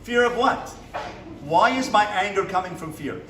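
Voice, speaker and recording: A rabbi with a high-sitting, fairly bright voice and lively intonation speaks at normal speed, giving a motivational lecture to a class in a seminary classroom. He asks them questions and acts out small dialogues. The sound is distant and echoey, with a little hiss or hum.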